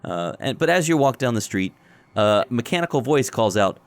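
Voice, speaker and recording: A man's voice: medium pitch, normal speed, no echo. Guy gm narrating the scene, easygoing, medium voice. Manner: descriptive, relaxed narration. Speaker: game master. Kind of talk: narrating a tabletop game.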